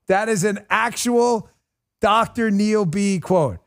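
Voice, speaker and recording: A middle-aged man hosting a political talk show, ranting in a mocking, animated way and slipping into sarcastic impressions. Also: high voice, slow pace. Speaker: show host.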